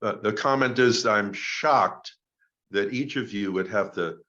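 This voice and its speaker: Audience man, bright edgy voice, halting questions, muffled call audio. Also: on the low side. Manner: halting, repeats words while thinking. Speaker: audience member asking questions. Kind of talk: casual discussion on a video call.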